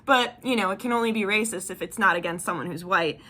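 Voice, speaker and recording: Bright-voiced woman rambling candidly. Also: medium pitch, quick pace. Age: 30s. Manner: candid, rambling, many fillers. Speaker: tarot vlogger. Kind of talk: personal storytelling.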